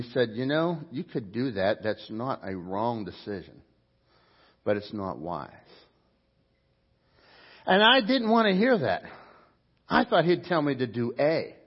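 A middle-aged pastor preaching a sermon in church, swinging between loud, emphatic bursts and quiet asides. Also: male voice, on the high side, highs cut off. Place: church sanctuary before a congregation.

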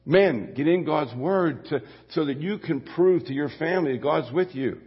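Gravelly older pastor preaching in a hall. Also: male voice, mid-range voice, animated, moderate pace. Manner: folksy, rambling, with frequent restarts and asides. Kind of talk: sermon. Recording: dull lo-fi audio with long hall reverb.

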